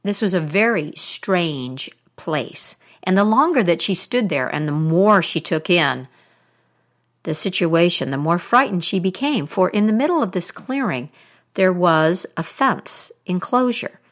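A woman telling a folk tale aloud, expressive, with dramatic pauses. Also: lowish voice. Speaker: storyteller.

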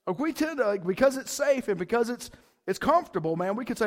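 High-voiced, animated male pastor preaching. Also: fast talker. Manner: conversational, keeps asking "right?"; animated, rises loud for emphasis. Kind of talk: casual sermon.

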